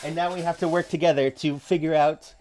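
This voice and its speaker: A man's voice: fairly high pitch, steady tone, a little fast, darkish tone. A man on a comedy podcast, playfully running an improv game in a mock-formal way. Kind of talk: casual comedic improv chat.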